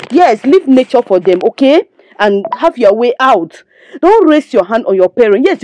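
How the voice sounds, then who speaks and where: Recapping a drama episode for her listeners, this young Nigerian movie reviewer keeps things chatty, addressing them as "my people" and breaking off into sermon-like lectures. Her voice is on the high side and mellow, and the recording is dry.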